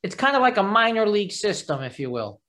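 An interviewer with a New York accent, chatting casually and filling pauses with "uh" and "um". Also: medium pitch, big pitch swings, bright, forceful tone. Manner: halting, with many "uh" and "um" fillers.

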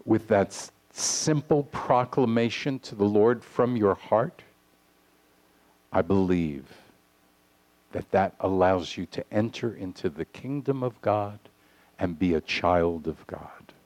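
A man preaching a sermon to his congregation, earnest and deliberate, reading scripture aloud. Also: fairly low pitch, a little mellow. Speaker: pastor. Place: congregation hall.

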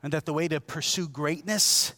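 A man preaching a sermon in a lively, conversational way, asking his congregation questions and swinging between loud, emphatic peaks and quiet, low lines. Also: moderate pace, no echo. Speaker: pastor.

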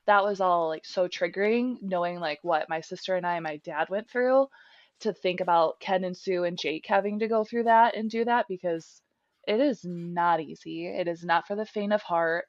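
A woman's voice: on the low side, no room sound. A young woman co-hosting a podcast, candidly telling a personal story of loss, full of "like" fillers. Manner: frequent "like" fillers, candid and earnest. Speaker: podcast co-host. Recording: dull dry podcast audio.

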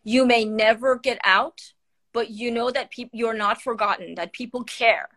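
Her voice is a little high and steady, at a normal speed and with a fairly bright tone. The speaker, an Iranian palliative care doctor and podcaster, is a guest in an emotional live stream, tearful and trying not to cry while she talks earnestly and passionately with many fillers and restarts.

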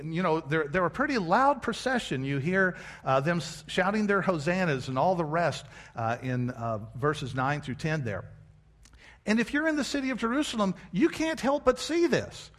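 A man in the role of pastor, praying and then preaching a sermon in an earnest way with frequent filler words. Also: fairly high pitch. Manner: earnest, many "uh" fillers, rising emphasis. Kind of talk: prayer and sermon.

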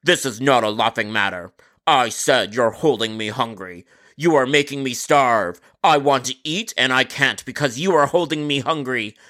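A man voicing a pompous, indignant pizza customer who drags out his complaints slowly. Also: medium pitch, sharp tone, close to an everyday voice. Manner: slow, indignant, drawn-out.

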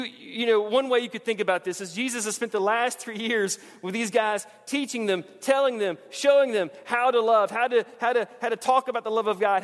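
Earnest high-voiced preacher in a reverberant hall. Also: male voice. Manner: earnest, emphatic, repeats phrases. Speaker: pastor. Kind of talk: sermon. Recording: long reverb of a large hall.

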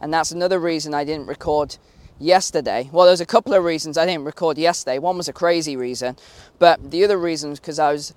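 A man with a fairly high voice that has gone hoarse, talking as he walks outside. He sounds emphatic and urgent and drifts into rambling asides. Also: fast talker, a little mellow, dry recording. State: losing his voice. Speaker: finance YouTuber. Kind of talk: walk-and-talk vlog commentary. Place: outdoors, walking.

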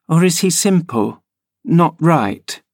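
A man's voice: lively intonation, takes it slowly, darkish tone, no echo, studio quality, heavily acted. A man doing a spirited teenage girl. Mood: puzzled. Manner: high, emphatic and exclaiming. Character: lively spirited teenage girl, eager and indignant.

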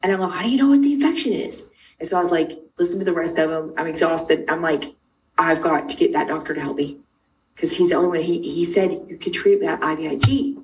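A middle-aged woman, a guest, telling her own story quickly and emphatically, acting out the dialogue she quotes. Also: low voice, steady tone. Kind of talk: animated personal storytelling. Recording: distant mic with faint noise.

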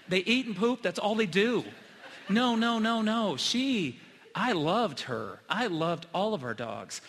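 A middle-aged male pastor with a fairly high, bright, forceful voice preaches a sermon. He tells personal stories earnestly, rising to loud emphasis and dropping to hushed, quiet lines. His voice rings through a church sanctuary with a long reverb.

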